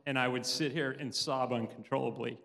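A middle-aged man giving a tearful, halting personal testimony in church. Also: mid-range voice, fairly even intonation, creaky, pushed and bright. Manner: halting, many restarts, laughs often. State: tearful, sobbing at times. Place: church hall. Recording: long hall reverb.

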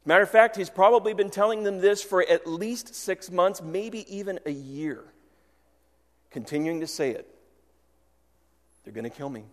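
Male pastor, earnest sermon delivery, higher voice, long reverb. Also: moderate pace. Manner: earnest, swings from loud to hushed.

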